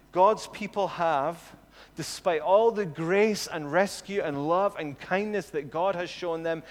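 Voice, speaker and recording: A man preaching a sermon, earnest, slowing down and growing louder on his key points. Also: fairly high pitch. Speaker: pastor. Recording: long hall reverb.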